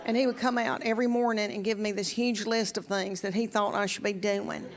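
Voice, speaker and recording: A woman's voice: medium pitch, fairly even intonation, a little fast, heavy background noise. A woman in her fifties with a Southern US accent, doing folksy, chatty stand-up comedy on a live stage. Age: 50s. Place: live comedy venue with audience.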